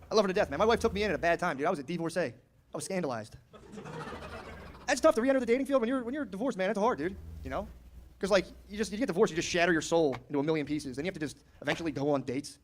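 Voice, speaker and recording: A man in his thirties works a club stage with a brash, profane stand-up set, riffing with the crowd. His voice sits a bit high for a man, and he rattles through the jokes fast. Faint room noise sits under the stage mic. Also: animated. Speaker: stand-up comedian. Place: comedy club stage with a live audience.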